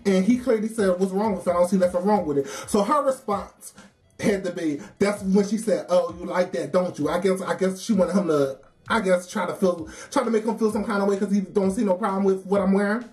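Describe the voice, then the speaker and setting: A woman's voice: mid-range voice, fairly quick, a little mellow. A woman, telling a casual work story, laughing often and acting out the voices of the people she quotes.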